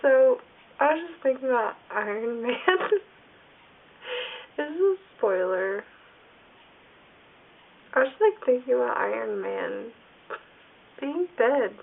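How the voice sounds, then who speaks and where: A woman talking in a casual video diary, rambling and halting, with lots of "like" fillers. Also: a little high, expressive, creaky. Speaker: vlogger. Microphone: phone or camera filming herself. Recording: tinny phone-like sound with faint hiss.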